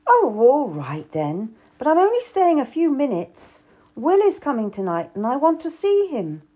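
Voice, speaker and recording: A woman's voice: sits high, huge pitch swings, moderate pace, dark tone, breathy edge, voice pushed up, full character voice. A woman playing an earnest young lady-in-waiting. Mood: protesting. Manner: protesting, earnest.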